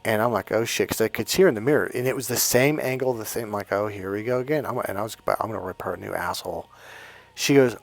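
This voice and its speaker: A middle-aged man, a dating coach, tells a personal story to his viewers. He swings from loud bursts to low, quiet asides and swears freely. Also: gravelly.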